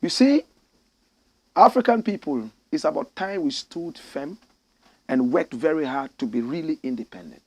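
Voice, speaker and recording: A middle-aged man with a Ghanaian English accent, hosting a political commentary show with fiery, preaching delivery that climbs to shouts. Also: on the high side, lively intonation, normal speed, slightly rough, dry recording.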